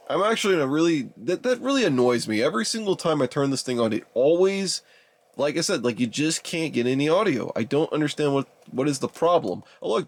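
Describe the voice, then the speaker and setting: Exasperated rambling young man. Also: medium pitch. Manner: exasperated, rambling, addresses viewers as ladies and gentlemen. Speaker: YouTuber reviewing a DVD player. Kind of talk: casual rambling video commentary.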